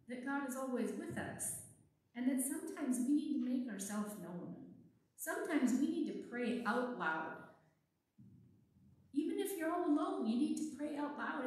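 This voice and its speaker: A woman with a fairly high voice gives a children's sermon, coaxing the kids along with question after question. She sounds distant from the mic, and the church around her rings with a heavy echo. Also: darkish tone. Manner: playful, coaxing, asks the children many questions. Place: church sanctuary. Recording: echoey church from far off.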